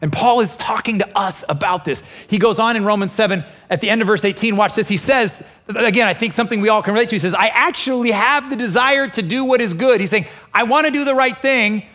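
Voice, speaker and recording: A pastor preaching a lively sermon, acting out inner voices and quoting scripture with feeling. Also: male voice, high-pitched, fast. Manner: animated, acts out inner voices and quotes. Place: church, also streamed online.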